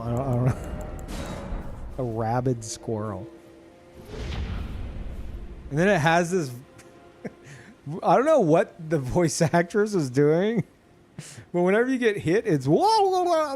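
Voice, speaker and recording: A man streaming a game live, chatting casually to his viewers, excitable, swearing freely and laughing often. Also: a little high. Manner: talks to chat. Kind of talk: casual live gameplay commentary.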